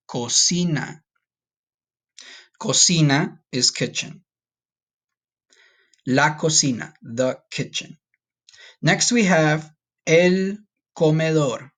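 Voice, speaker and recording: A man teaching a recorded Spanish vocabulary lesson, patient and upbeat, slowing down to repeat each word. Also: fairly high pitch, a bit bright. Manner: patient, slow repetition drills with upbeat asides.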